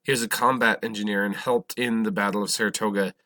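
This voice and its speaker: A man teaching a history class, lecturing in a halting way, correcting himself and asking the class questions. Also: fairly low pitch, fairly even intonation, sharp tone, slight background noise.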